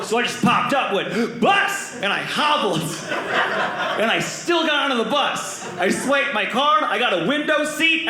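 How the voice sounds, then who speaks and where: A young man telling a stand-up story on a comedy club stage, animated and acting out voices and sound effects. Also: very high voice. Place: comedy club stage before a live audience. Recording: roomy club with loud audience laughter.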